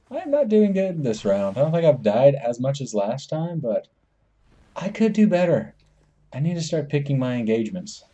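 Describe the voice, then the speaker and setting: A young man talks through an online shooter match, joking at his own bad aim and crying out in surprise. His voice is dark and mellow in tone, yet it swings widely up and down in pitch as he reacts. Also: very animated, normal speed. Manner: playful, exclaims "oh my goodness", chuckles at himself. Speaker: gaming channel host. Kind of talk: casual gameplay commentary.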